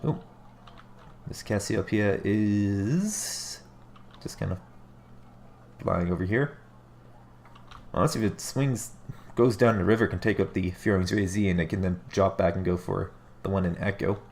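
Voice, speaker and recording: A deep, gravelly male voice with a stuffed-up, nasal sound from allergies. He does relaxed play-by-play at a desk mic, thinking out loud and fixing his words as he goes. A faint hiss of noise sits under him. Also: unhurried, pauses often. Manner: casual, musing, corrects himself mid-sentence. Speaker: game caster. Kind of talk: live play-by-play commentary on a strategy game replay.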